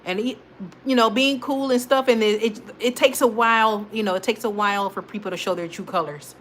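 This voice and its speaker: A woman's voice: a little high, fairly quick. A woman chatting on her own livestream, her voice rising and falling as she calls out trolls and guides her moderator. She talks informally with plenty of restarts. A faint hiss of background noise sits under her voice. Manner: animated, talks to chat moderators by name, scolding trolls. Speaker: livestream host. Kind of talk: casual livestream chat.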